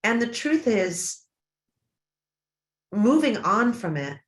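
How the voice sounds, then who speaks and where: A woman's voice: fairly high pitch, very animated, takes it slowly. A middle-aged woman recounts a family story as an interview guest, her voice emotional and earnest. She stumbles and restarts often. The sound carries a roomy echo from an event hall. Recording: roomy, echoey room.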